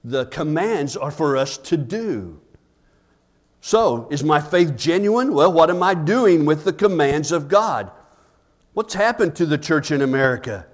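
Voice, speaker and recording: A man preaching a sermon as pastor at a church service. He preaches earnestly, asks the congregation "Amen?", and drops to a hushed voice when telling stories. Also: a little high, expressive, unhurried.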